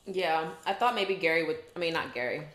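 A woman co-hosting a casual podcast chat who reacts fast and laughs easily. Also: low voice, animated, a bit bright. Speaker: podcast co-host. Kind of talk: casual chat about reality TV. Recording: roomy echo.

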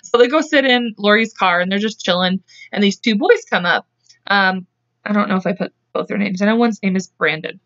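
A woman hosting a podcast, retelling a case in casual chat, acting out quotes in quick voices and speaking bluntly. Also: mid-range voice, a bit bright, muffled recording. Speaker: podcast host. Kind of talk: casual true-crime storytelling.

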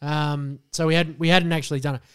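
A man's voice: on the high side, little pitch movement, a little fast, clean tone. A man co-hosting a casual podcast chat, emphatic and swearing freely. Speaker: podcast co-host.

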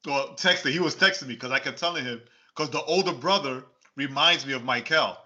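A man co-hosting a podcast in casual chat, telling stories in an animated, exclaiming way and laughing often. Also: mid-range voice, a little fast. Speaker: podcast co-host. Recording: dull, lo-fi podcast audio.

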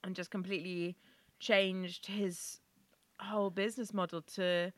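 A woman's voice: mid-range voice, level tone, measured pace, dry recording. Lady cohost, earnest rambly chat, trips over her words a bit. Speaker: podcast co-host. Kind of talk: casual chat.

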